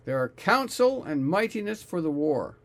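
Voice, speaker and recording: A man's voice: a little high, big pitch swings, moderate pace, pitched above the performer's own voice. A man reading as a boastful taunting envoy.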